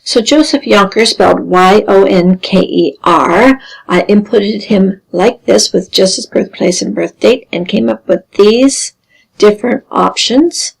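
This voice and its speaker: A woman teaching a genealogy lesson, explaining carefully with dry deadpan humor. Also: mid-range voice, vocal fry, breathy edge, poor audio. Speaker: genealogy instructor. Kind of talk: recorded lesson over slides.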